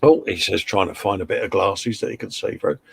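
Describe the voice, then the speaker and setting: A man with a gravelly edge to his voice, chatting on a live stream and calling everyone mate and fella. His voice is close and dry, with almost no room sound. He reads out viewer comments in a relaxed, joking way. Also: fairly low pitch, fairly quick, no room sound. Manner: jokey, matey banter, calls everyone mate and fella. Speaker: co-host of a live modelling chat stream.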